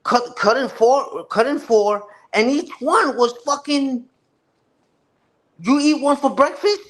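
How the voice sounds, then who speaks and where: A man from New with a fairly high voice chats off the cuff with a live stream audience. His talk is loose and slang-heavy, and he restarts his sentences often as he swears his way through stories. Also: takes it slowly, fairly bright tone. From New York. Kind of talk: casual chat with a live audience.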